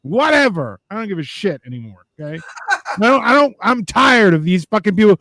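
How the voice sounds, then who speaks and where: A man's voice: sits high, very animated, a little fast, pushed and bright, dry recording. A man hosting a casual livestream chat, ranting and sarcastic, with plenty of profanity. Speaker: podcast host.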